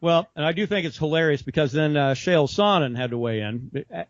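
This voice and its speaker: A man's voice: fairly high pitch, fairly quick. A man co-hosting a podcast in casual chat, rambling and laughing as he talks. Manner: rambling, laughing, quoting others in animated voices. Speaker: podcast co-host. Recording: dull lo-fi dry sound.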